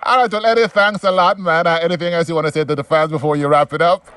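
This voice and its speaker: A man hosting a radio show, his voice a touch higher than most men's. He sounds upbeat and friendly as he moves the interview along. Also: steady tone, fast talker, a bit bright, clean tone. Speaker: radio host.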